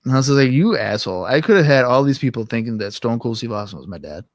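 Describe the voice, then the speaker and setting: A man's voice: medium pitch, big pitch swings, fast, no room sound. Rambling, swearing male podcast host. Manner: rambling, swearing, acts out quotes from his past. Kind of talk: casual storytelling chat.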